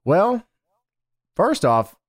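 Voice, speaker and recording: A man's voice: sits high, very animated, extremely slow, no echo, studio quality. A man co-hosting a casual wrestling podcast, recapping shows with frequent laughs, swearing and mock quotes. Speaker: podcast co-host.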